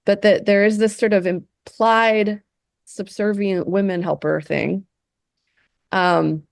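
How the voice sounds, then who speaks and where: A woman's voice: mid-range voice, fairly even intonation, takes it slowly, creaky, no echo, studio quality. A woman leading a group session, talking casually with many fillers and frequent "right?" tag questions. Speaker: meditation session leader.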